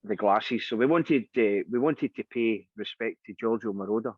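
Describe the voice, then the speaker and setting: A Scottish singer being interviewed, telling anecdotes in a casual, animated way and acting out the voices of the people in them. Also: male voice, fairly low pitch, moderate pace, dry recording. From Scotland. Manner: lively anecdotal storyteller, acts out quoted voices. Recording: dry, dull lo-fi sound.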